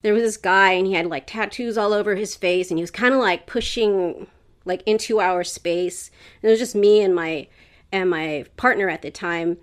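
A woman's voice: mid-range voice, moderate pace. A young woman who works as a spirit medium, telling her story as an interview guest in a candid, casual way, swearing freely with lots of fillers.

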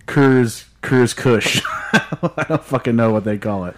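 A man's voice: medium pitch, unhurried. A man co-hosting a podcast, talking in a rambling, laid-back way with many fillers. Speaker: podcast co-host. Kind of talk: casual podcast chat.

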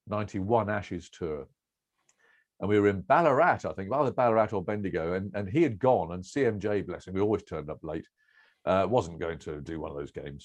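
Rambling middle-aged man, low voice. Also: a little mellow. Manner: rambling, self-deprecating, frequent restarts and laughs. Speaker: cricket broadcaster, interview guest. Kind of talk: relaxed anecdotal storytelling.

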